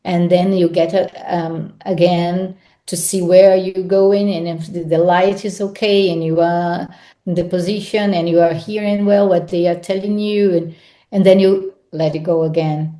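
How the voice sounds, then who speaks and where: A woman with an Italian accent reflects on her craft as a guest. Her voice sits low and warm. She stumbles and repeats words as she works through English, which is not her first language. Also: steady tone. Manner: halting, repeats words while searching for English. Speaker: actress, podcast guest. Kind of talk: reflective interview answers.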